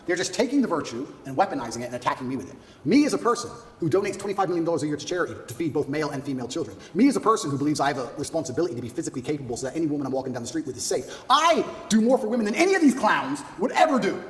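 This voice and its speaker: Rapid high-pitched man, boastful and echoey. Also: very animated. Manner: boastful, repetitive, emphatic lists. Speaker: interview guest. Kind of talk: combative monologue. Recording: roomy echo, distant from the mic.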